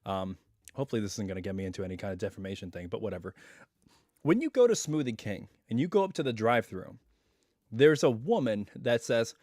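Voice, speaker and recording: Rambling, slightly hoarse man streaming live. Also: fairly low pitch, big pitch swings, quick pace, darkish tone, dry recording, studio quality. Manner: chatty and rambling, full of asides. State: hoarse, recovering voice. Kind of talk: casual live stream chat. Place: at home.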